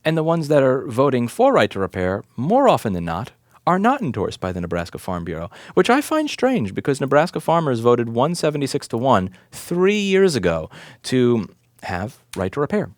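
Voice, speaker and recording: A man's voice: mid-range voice, huge pitch swings, normal speed, no echo, clean studio sound. Indignant man ranting to camera. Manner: impassioned, indignant, swears for emphasis; rhetorical questions, hammering repetition. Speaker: repair shop owner and right-to-repair advocate. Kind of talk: direct-to-camera commentary rant.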